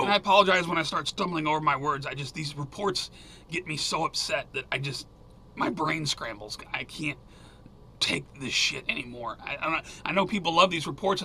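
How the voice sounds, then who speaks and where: High, sharp-voiced angry news ranter. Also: male voice. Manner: angry ranting, swearing, yelling at times. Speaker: news commentary host. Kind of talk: solo news commentary.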